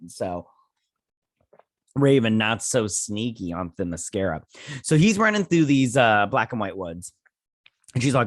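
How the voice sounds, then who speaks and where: A man's voice: lowish voice, big pitch swings, moderate pace, a bit bright, no echo, studio quality. A man in his thirties giving a casual, rambling recap and review of a TV episode, full of fillers and paraphrased scenes, sounding a bit sleepy. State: sleepy, yawning. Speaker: show reviewer.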